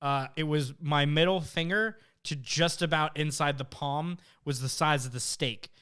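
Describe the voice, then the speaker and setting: Man, smooth voice, fairly high, animated, swearing, casual podcast chat. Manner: animated storyteller, swears often. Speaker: podcast co-host.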